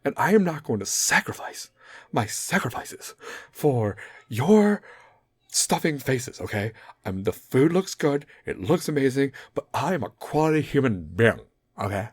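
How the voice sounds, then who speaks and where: A man's voice: mid-range voice, big pitch swings, a little slow, slightly rough, no echo. A man voicing a self-righteous dieter who lectures in a pompous, clipped way. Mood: smug. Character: smug strict-diet adult, self-righteous.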